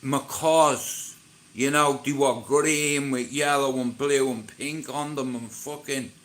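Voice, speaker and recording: Bright, animated Irishman telling stories live. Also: mid-range voice, slow. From Ireland. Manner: animated, profane, sarcastic storyteller acting out both sides. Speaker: livestream host. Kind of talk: casual live-stream storytelling. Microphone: phone.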